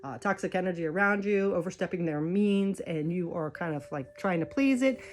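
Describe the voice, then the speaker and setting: A woman's voice: fairly low pitch, moderate pace, a little hiss or hum. A woman reading oracle cards, chatty and encouraging, thinking aloud as she goes. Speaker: tarot card reader. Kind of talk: spiritual card reading. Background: faint music.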